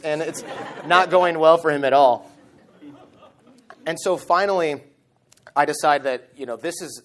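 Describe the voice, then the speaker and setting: A man in his thirties tells a tense story from a conference stage, his voice sitting a little higher than most men's. He is animated and slips into the lines of the people he quotes as he goes. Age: 30s. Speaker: conference speaker. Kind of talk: storytelling keynote talk. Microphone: stage microphone.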